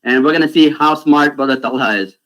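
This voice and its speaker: A lively man talks to children on a video call, pitched a little higher than most men. He tells stories animatedly and keeps checking in with "right?". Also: a little fast, poor audio. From Pakistan. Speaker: youth speaker. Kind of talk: storytelling talk for children.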